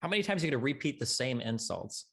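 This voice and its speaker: A man in his thirties, a streamer in a heated online debate, sarcastic and mocking, pressing with rapid questions. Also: mid-range voice, very animated, gravelly, a bit bright, slightly rough. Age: 30s.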